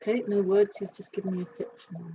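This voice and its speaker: Halting woman giving an animal reading. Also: mid-range voice, flat delivery, mellow, breathy edge. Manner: halting, searching, thinking aloud. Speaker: animal communicator. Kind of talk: live reading session. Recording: dull lo-fi sound with faint hiss.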